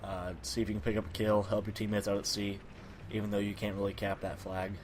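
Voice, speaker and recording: A man giving casual gameplay commentary while he has a cold, his voice a little raspy, rambling with many fillers and corrections. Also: on the low side, completely flat delivery, fast talker, a little hiss or hum. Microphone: personal microphone.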